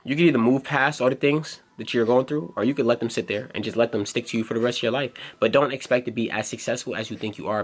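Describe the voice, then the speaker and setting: A man in his twenties delivering a motivational vlog monologue, emphatic and blunt, scolding and urging the viewer directly. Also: medium pitch. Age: 20s. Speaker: YouTuber.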